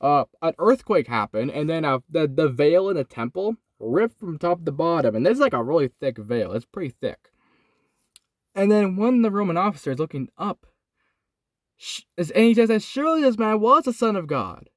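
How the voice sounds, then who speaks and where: A man's voice: on the high side, sing-song, normal speed, dry recording, clean studio sound. A young man casually and earnestly retelling a Bible story, sweaty and teary, filming inside a hot parked car and saying "like" and "dude" a lot. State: sweaty and overheated, has been crying.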